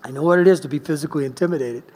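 Male preacher, high-pitched, lively storyteller who shifts from loud to hushed; large echoing hall. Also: rapid-fire. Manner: animated storyteller, swinging between loud emphasis and quiet asides. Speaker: pastor. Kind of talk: sermon with personal storytelling. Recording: long reverb of a large hall.

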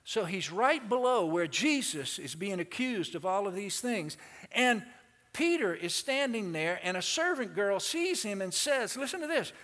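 A man preaching in a sanctuary, voice pitched high for a man. He tells the story with energy and keeps turning to the congregation with questions, while a long echo hangs on every phrase. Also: very animated, a little slow, a bit bright. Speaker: pastor. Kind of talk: sermon. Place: church sanctuary.

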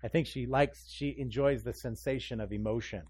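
A man preaching a sermon in an animated way, acting out scripture voices with rising emphasis. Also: medium pitch, moderate pace, slightly rough. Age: adult parent. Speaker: pastor.

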